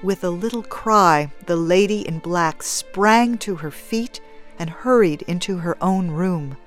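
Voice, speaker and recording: A woman narrating a classic story in a measured, even reading style. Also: fairly low pitch, faint music behind. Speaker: audiobook narrator.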